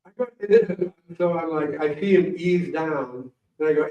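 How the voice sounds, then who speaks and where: A man speaking as a guest to an audience, telling rambling, animated stories. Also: on the high side, normal speed. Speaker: guest speaker, morel hunting champion. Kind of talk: casual storytelling talk to an audience. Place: library meeting room. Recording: roomy, distant, dull room recording.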